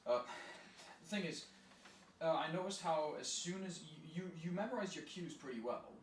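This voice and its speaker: A man's voice: on the high side, lively intonation, normal speed. A man coaching a student through acting exercises, upbeat and encouraging, often laughing. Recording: echoey room from a distance with faint noise.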